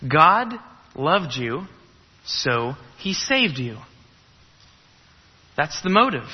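A man's voice: a little high, very animated, very slow, slightly rough. A man preaching a sermon, emphatic, repeating key phrases and asking rhetorical questions. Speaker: pastor. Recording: reverberant hall, dull lo-fi sound.

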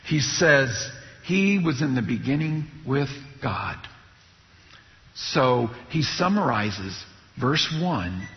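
A man preaching an expository sermon, teaching in a measured way and asking his listeners rhetorical questions. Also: mid-range voice, creaky. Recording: muffled recording with long hall reverb.

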